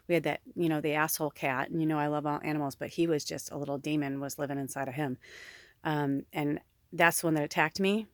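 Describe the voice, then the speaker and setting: A chatty woman vlogger with a fairly low voice rambles to her viewers in a dry, close recording. Her talk is full of fillers and easy laughter, with casual swearing mixed in. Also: no echo. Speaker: spiritual medium vlogger. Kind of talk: casual rambling monologue to camera.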